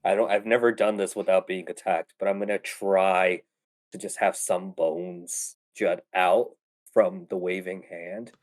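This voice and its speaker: A man playing a tabletop game who talks slowly and hesitantly, pausing over his questions. His voice sits a little on the low side for a man. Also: steady tone. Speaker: player. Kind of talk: casual tabletop play.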